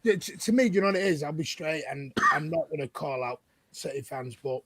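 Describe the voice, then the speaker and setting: A blunt, lively man holds forth on a football panel show. His voice sits high for a man. The sound is dry and close, with no room around it. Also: fairly quick, dry recording. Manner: blunt, animated, laughs while talking. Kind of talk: casual panel chat.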